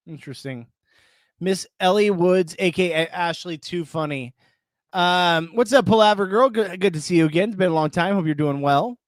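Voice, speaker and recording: Greeting viewers and laughing often, a man with a high voice chats casually while hosting a live reality show reaction stream. The sound has no echo, and he's close to the mic.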